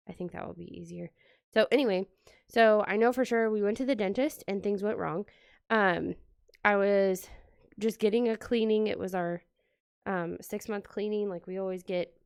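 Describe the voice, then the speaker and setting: A woman's voice: mid-range voice, creaky, a little mellow, dry recording, clean studio sound. A woman chatting casually as she decorates a planner, telling a story and acting out the quotes. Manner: chatty, many "like" fillers, acts out quotes. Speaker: planner vlogger. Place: home, indoors.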